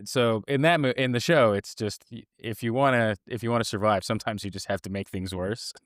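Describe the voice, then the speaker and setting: A man's voice: on the low side, brisk, a bit bright, no room sound, studio quality. A man in his thirties co-hosting a book podcast, rambling and restarting his sentences in casual chat. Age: 30s. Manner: rambling, self-interrupting. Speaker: podcast co-host.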